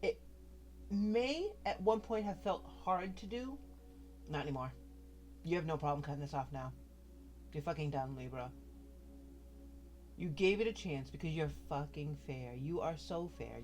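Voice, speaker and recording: A tarot reader giving a casual card reading straight to the viewer, talking frankly and cursing freely. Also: mid-range voice. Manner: chatty, frank, swears freely, addresses the viewer directly.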